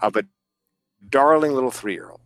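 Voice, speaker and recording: A comedian telling an animated story in casual conversation, acting out the voices of the people in it and swearing freely. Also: male voice, mid-range voice, normal speed, dry recording, studio quality. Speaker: guest comedian.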